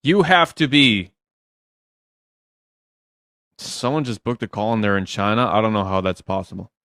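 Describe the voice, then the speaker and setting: Dating coach guy on a live stream, lowish voice, blunt and teasing, dry sound. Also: moderate pace, a bit bright, dry recording. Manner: blunt, teasing, swears freely. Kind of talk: live-stream advice chat.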